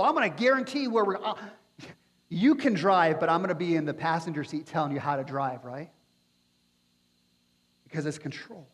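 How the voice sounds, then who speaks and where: Man, pastor, passionate sermon, fairly high voice, long hall echo. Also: breathy edge. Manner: passionate, building to near-shouts at climaxes. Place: church sanctuary.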